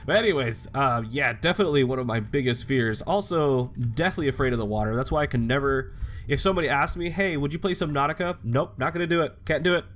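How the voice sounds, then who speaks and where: A man's voice: medium pitch, lively intonation, fast, fairly bright tone, slight background noise. Chatty young man rambling over gameplay. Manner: rambling, chatty, swears casually. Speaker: gaming channel host. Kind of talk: casual gameplay commentary.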